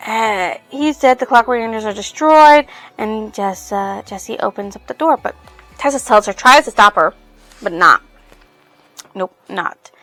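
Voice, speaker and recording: A woman's voice: mid-range voice, animated, measured pace, fairly bright tone, soft background music. A woman reviewing a book on her channel, casually retelling its plot in a rambling way full of fillers.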